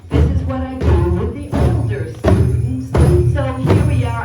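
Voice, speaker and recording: Energetic woman leading a drum workshop. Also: a little high, normal speed, hardly any pauses, music in the background. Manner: energetic, calls out prompts and cues to a group. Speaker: music educator leading a workshop. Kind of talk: interactive workshop instruction. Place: large conference workshop room. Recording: echoey hall from far off, with drumming. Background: hand drums and group playing.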